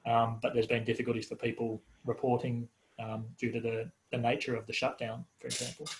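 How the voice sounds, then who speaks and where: A man's voice: medium pitch, completely flat delivery, brisk, poor audio. A man giving a hesitant, filler-heavy answer as a panel speaker in a webinar. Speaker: panel speaker on population data.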